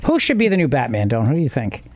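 A middle-aged man hosting a radio show, joking loudly with sarcastic mock outrage. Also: mid-range voice, wildly swooping pitch, fast talker, no room sound. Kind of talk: morning show banter.

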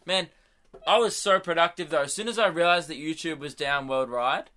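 Bright-voiced man rambling on a podcast. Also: a little high, moderate pace. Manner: rambling, self-amused, laughs at own jokes. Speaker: podcast host. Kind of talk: casual storytelling monologue.

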